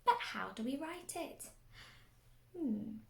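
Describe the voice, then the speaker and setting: A young woman teaching phonics to small children, slow and exaggerated, asking questions and giving lots of praise. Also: sits high, lively intonation, creaky, reverberant. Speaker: early years phonics teacher. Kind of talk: sing-song lesson for small children.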